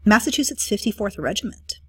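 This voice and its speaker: A woman's voice: medium pitch, big pitch swings, a little fast, pushed and bright, husky. A woman teacher talking through a study guide review, explaining terms with frequent um and uh fillers.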